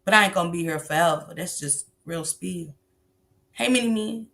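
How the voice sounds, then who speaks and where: A woman's voice: fairly low pitch, moderate pace, fairly bright tone. A middle-aged woman hosting a livestream, lecturing bluntly and profanely about parenting in a casual, preachy way. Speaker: livestream host.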